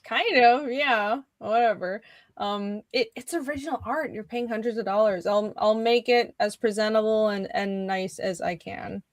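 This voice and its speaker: A woman's voice: medium pitch, normal speed, no echo. A woman co-hosting a comics livestream, chatting casually in a rambling way that trails off and restarts. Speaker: co-host and comic artist.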